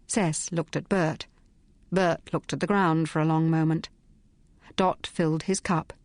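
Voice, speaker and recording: A woman narrating an audiobook with measured, clear storytelling. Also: lowish voice, darkish tone, dry recording. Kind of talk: scripted narration.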